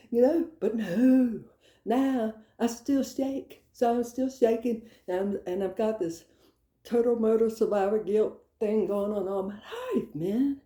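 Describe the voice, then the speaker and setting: A woman's voice: on the high side, a little slow, warm tone. A woman telling rambling comic childhood stories, breaking into exasperated rants. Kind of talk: casual comedic storytelling. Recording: echoey room.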